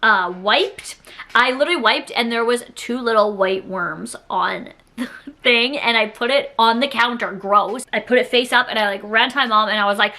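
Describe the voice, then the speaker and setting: A woman's voice: on the high side, normal speed. A woman in her thirties telling a personal story to camera in a casual, rambling vlog style, full of fillers. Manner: rambling, filler-heavy, animated retelling. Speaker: YouTuber.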